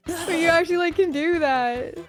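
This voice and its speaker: A woman co-streamer chatting casually, excitable, swearing and laughing a lot. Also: extremely high pitch, moderate pace, faint music behind. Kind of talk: casual chat on a livestream.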